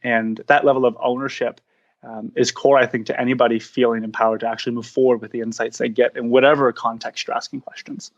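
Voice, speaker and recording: A man's voice: mid-range voice, little pitch movement, quick pace. Earnest searching man on a lo-fi line. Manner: earnest, searching phrasing with frequent restarts and fillers. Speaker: podcast guest, founder of a coaching practice. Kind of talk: reflective interview talk.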